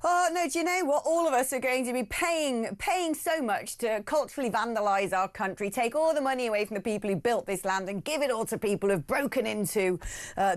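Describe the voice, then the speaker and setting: A woman hosting a talk radio phone-in, chatty and opinionated, who admits she rambles. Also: fairly high pitch.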